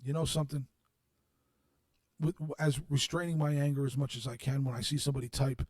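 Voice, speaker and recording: A man in his forties speaking in an unscripted monologue to his audience, blunt and heavily profane, moving between quiet reflection and shouted anger. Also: medium pitch, steady tone, fairly quick, long pauses, no room sound, clean studio sound. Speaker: streamer addressing his audience.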